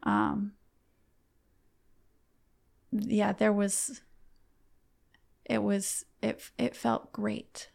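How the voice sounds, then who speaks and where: Gravelly-voiced woman telling a heartfelt story. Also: mid-range voice, sing-song, a little mellow. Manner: heartfelt, halting, with frequent restarts. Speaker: podcast guest, competitive archer. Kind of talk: personal storytelling in conversation.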